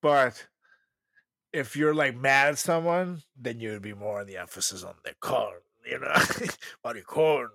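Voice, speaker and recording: A man's voice: mid-range voice, measured pace, creaky, sharp tone, dry recording, studio quality. A man co-hosting a comedy podcast in casual chat, from Latin America, laughing often through joking asides. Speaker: podcast co-host.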